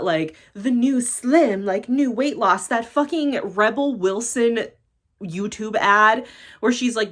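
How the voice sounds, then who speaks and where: Woman vlogger ranting to camera, swears a lot, fed up, blunt, mid-pitched voice. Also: fairly bright tone. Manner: blunt, swears constantly, exasperated. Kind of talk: casual ranting monologue to camera.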